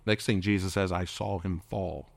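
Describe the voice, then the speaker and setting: This pastor's low, gravelly voice keeps a fairly even intonation at a moderate pace, with no room sound. He preaches, asks the crowd many questions, and jokes by doing impressions during the sermon.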